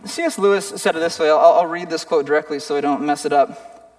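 A man preaching a sermon as a pastor, animated, acting out the voices of people at prayer. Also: on the high side, brisk. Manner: animated, acts out voices of petitioners. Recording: reverberant hall.

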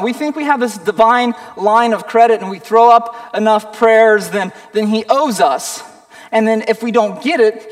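A man preaching a sermon as a pastor, animated, acting out the voices of people at prayer. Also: high voice. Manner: animated, acts out voices of petitioners. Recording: reverberant hall.

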